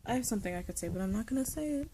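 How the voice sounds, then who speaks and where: A young woman chatting casually about her collection, nostalgic and rambling, sometimes dropping to a soft whisper. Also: on the high side, animated, very fast, slight background noise. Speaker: vlogger showing a card collection. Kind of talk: casual chat. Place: bedroom.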